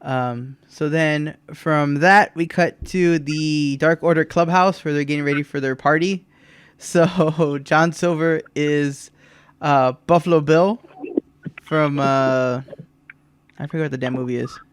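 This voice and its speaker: Lively man retelling wrestling skits. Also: on the high side, measured pace, smooth, dry recording. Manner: animated retelling, mimics wrestlers' lines with laughs. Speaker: podcast co-host. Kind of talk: casual chat recapping a wrestling show.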